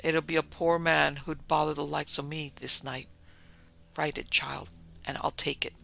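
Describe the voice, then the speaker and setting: A plain-spoken old woman of the village, put on by the narrator, speaks slowly and a little low, with a gravelly, bright texture. Her old-country phrasing feels homely but uneasy. It is told as a classic spoken horror tale. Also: little pitch movement. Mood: wary. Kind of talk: audio drama storytelling.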